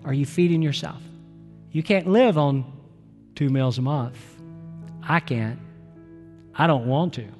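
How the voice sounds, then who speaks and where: Guy preaching a sermon in church, slow and emphatic, bit of a high voice, echoey room. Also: darkish tone, soft background music. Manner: earnest, slow and emphatic with pauses. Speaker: pastor. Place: church sanctuary. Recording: reverberant church hall.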